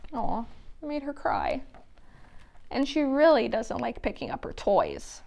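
A children's librarian, a woman, leading a story time with songs and a picture book, gentle and sing-song as she talks to small children. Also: on the high side, big pitch swings, normal speed, gravelly.

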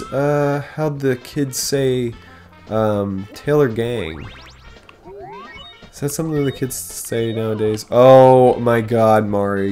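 A man hosting a casual let's play, talking to the game as he goes, excitable and swearing often. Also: medium pitch. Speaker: gaming channel host.

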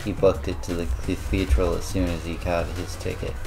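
Young man, very low gravelly voice, slow deadpan delivery, game music behind. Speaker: gamer voicing the main character. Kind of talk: casual dub of game dialogue.

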